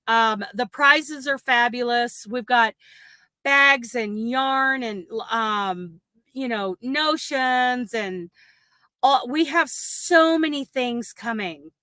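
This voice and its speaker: A woman's voice: a little high, slow, bright, forceful tone, no echo. A woman hosting a crochet livestream, chatting in a rambling, gushing way and laughing often. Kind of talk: casual livestream chat.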